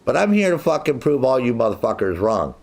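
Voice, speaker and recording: A man's voice: mid-range voice, sing-song, a little fast, darkish tone. Angry profane man in his sixties. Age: 60s. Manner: mimics others in mocking voices. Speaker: game streamer. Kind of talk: profane live-stream rant.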